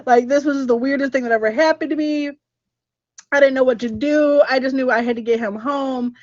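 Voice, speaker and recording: A woman with a high voice tells a story on a podcast, animated and emphatic, laughing as she goes. The sound is dry and a bit dull. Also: a little fast, dry recording. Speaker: podcast co-host. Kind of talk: casual storytelling chat. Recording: dull, slightly muffled podcast audio.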